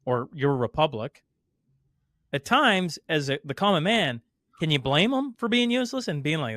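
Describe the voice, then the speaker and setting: Podcast host guy rambling his way to a point, kinda high voice, dead dry mic. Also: very animated, moderate pace, no room sound. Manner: rambling, thinks out loud, loose phrasing. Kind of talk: casual conversational interview.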